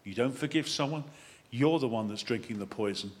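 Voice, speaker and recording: A man, a vicar, giving a lively sermon that wanders into chatty, self-mocking asides. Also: mid-range voice, brisk. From England. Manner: animated, chatty preaching with digressions and self-deprecating asides.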